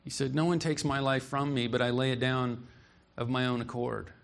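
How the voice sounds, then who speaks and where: A man's voice: medium pitch, level tone, normal speed, creaky. A man preaching an expository sermon, earnest and emphatic, reading scripture aloud and explaining it.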